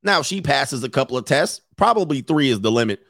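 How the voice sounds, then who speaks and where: A brash man talks straight at his viewers, handing out dating advice with plenty of swearing and jokes. His voice sits at an ordinary middle pitch. The recording is dry and close, with no room sound. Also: expressive, fairly quick, vocal fry, fairly bright tone, no echo. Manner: brash, profane, joking delivery with mocking quoted voices. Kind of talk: casual monologue to viewers.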